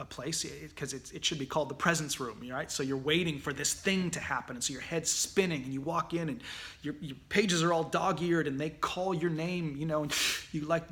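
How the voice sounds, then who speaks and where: A man teaching actors about mindfulness in a relaxed, conversational lecture, with many fillers and restarts. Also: a little high. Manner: relaxed, many fillers and restarts, acts out anxious inner voices. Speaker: acting teacher.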